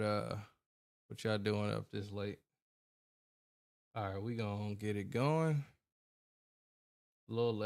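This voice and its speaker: A young man hosting a casual late-night gaming livestream, greeting viewers by name in a laid-back, colloquial way. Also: fairly low pitch. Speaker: gaming streamer.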